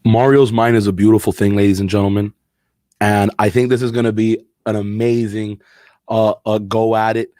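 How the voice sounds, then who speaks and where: A man's voice: fairly low pitch, level tone, normal speed, mellow, no echo, clean studio sound. A man co-hosting a casual podcast, laid-back and slangy, talking straight to the listeners. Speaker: podcast co-host.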